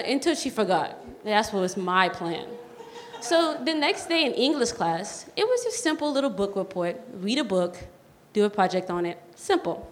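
A teenage girl from New telling a personal story on stage, lively and youthful, with quick bursts of excitement. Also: a little high. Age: teens. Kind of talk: live storytelling. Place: community school event space. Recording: long hall reverb.

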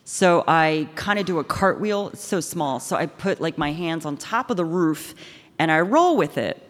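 Woman storyteller, lower voice, animated and self-mocking, on a stage mic with long hall reverb. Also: moderate pace. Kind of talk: live first-person storytelling. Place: live stage in front of an audience.

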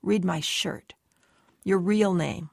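A woman voicing a steady, patient man who poses as a store guard and tries to persuade a girl to come with him. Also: fairly low pitch, slow pace, creaky, no echo, studio quality, full character voice. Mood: urgent. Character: calm mysterious man posing as a store guard.

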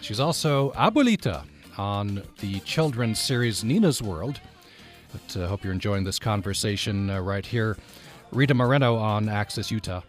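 A man's voice: lowish voice, expressive, normal speed, soft background music. A man hosting a radio interview, easygoing, chuckling and stammering a little. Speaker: radio host.

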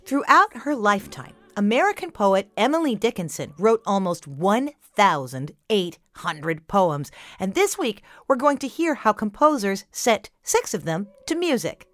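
This is a woman hosting a children's classical music podcast. She explains each point in a cheerful, scripted way, with her voice rising and falling a lot. Quiet music sits faintly under her. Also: mid-range voice, big pitch swings, unhurried, hardly any pauses, no room sound. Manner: upbeat, explaining simply to children. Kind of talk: scripted kids' podcast narration.

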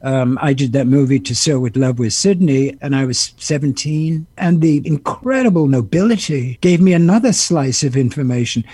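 A man in his seventies, a guest actor and musician, telling animated stories with laughter and impressions in an interview. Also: medium pitch, normal speed, hardly any pauses, slightly rough, no room sound. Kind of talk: interview storytelling.

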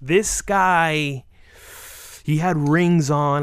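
A man's voice: medium pitch, normal speed, no room sound, studio quality. A man, a comedian, telling stories in a casual interview, acting out quotes and laughing as he goes. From South Florida. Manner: animated, acts out quotes with laughs. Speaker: comedian guest.

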